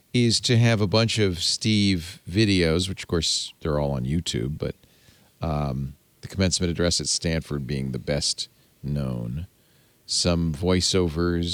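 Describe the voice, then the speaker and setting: A man's voice: sits low, no echo. A man in his sixties from the United States hosting a tech podcast, chatting and telling stories. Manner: chatty, storytelling, animated. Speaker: host. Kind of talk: tech podcast panel chat.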